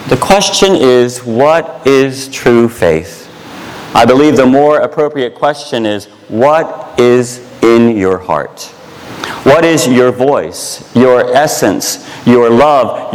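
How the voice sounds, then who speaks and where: Man, pastor, sermon, slow deliberate delivery, emphatic repetition, long hall reverb. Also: mid-range voice.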